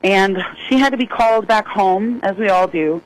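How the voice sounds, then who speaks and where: A woman in her sixties, a singer-songwriter guest, telling a story in a folksy, lively way and laughing often. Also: medium pitch, normal speed, a little hiss or hum, low-quality recording. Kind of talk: animated storytelling.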